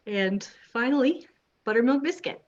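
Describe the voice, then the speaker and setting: A woman's voice: on the high side, expressive, normal speed, highs cut off. A woman running a tabletop game as game master, easygoing and prompting her players. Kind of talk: casual game narration.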